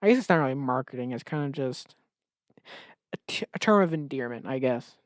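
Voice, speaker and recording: A man's voice: medium pitch, expressive, brisk, dry recording. A man hosts a solo comedy podcast, rambling along with sarcastic asides and frequent self-corrections. His voice sits in a middle range. The recording is dry and close. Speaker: podcast host.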